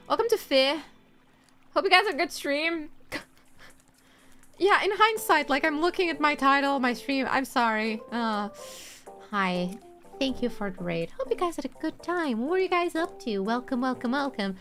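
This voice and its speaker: A high, bright-voiced woman streaming to her viewers, chatting playfully. She laughs often and drops a curse here and there. Soft music plays faintly behind her. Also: expressive, normal speed. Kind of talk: casual chat with viewers.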